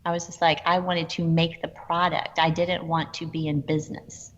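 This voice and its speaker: A middle-aged woman telling stories in a casual interview, animated and quoting people in dialogue. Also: sits low, normal speed, a little hiss or hum. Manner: animated, quotes herself and others in dialogue. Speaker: guest entrepreneur. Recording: dull lo-fi sound with long reverb.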